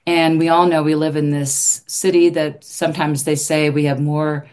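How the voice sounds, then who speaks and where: A woman's voice: deep voice, level tone, normal speed, a little mellow. A woman producer answering interview questions earnestly, often restarting her sentences. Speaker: show producer.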